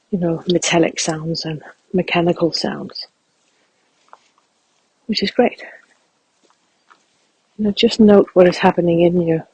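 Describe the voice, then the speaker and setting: A man speaking softly and reflectively as he guides a walking meditation outdoors in a field. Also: sits high, slightly rough, no echo, low-quality recording. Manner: calm, reflective, soft-spoken.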